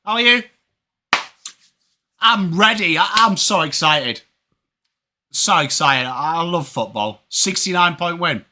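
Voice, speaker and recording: A man's voice: fairly high pitch, pushed and bright. A man in his thirties from England with an English accent, chatting with viewers during a live sports watch-along. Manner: chatty, greets chat viewers by name. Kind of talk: live stream chat.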